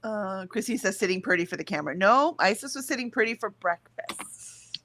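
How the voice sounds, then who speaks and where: A sleepy woman chats casually on a livestream, reading viewers' comments aloud and answering them. She laughs easily and sounds worn out. Her voice sits at an ordinary middle pitch. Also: expressive, brisk, a bit bright, a little hiss or hum. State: very tired. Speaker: co-host of a writing sprint livestream.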